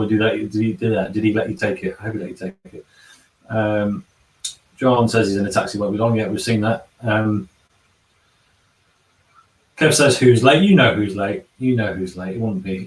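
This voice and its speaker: A man hosting a casual livestream from a bar, reading out chat comments and humming filler syllables between them. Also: lowish voice. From England. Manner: chatty, hums filler syllables while scrolling comments. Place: bar and kitchen. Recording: echoey room, from a distance.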